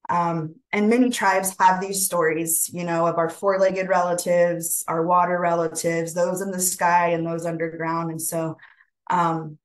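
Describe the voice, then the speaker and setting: A woman presenter telling a traditional folk tale in a gentle, unhurried way, with frequent fillers. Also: fairly low pitch, level tone, rough recording. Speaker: webinar presenter. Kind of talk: oral storytelling.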